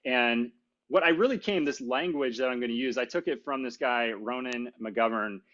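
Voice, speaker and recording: A man's voice: medium pitch, moderate pace, fairly bright tone, muffled recording. Casual man giving a tech talk. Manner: casual, self-deprecating, many fillers. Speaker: conference speaker. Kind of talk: technical conference talk.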